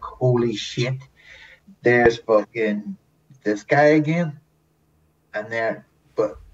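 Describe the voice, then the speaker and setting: Guy telling set stories, cursing a lot, sounds far off and kinda muffled lo-fi. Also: mid-range voice. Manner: lively storyteller, swears often, acts out quotes. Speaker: guest, former TV extra. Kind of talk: casual anecdote telling. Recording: distant mic, dull lo-fi sound, faint hiss.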